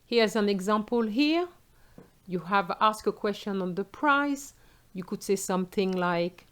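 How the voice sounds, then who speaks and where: French lady teacher, slow careful delivery, french accent, explaining exam tips. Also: mid-range voice, lively intonation. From France. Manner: slow, clear explaining, switching into example phrases.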